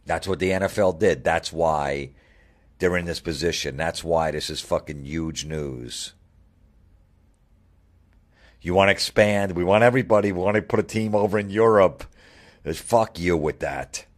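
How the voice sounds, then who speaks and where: A radio host with a very low voice launches into a heated monologue. He swears freely and piles on sarcasm as he mocks the people he is ranting about. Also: normal speed.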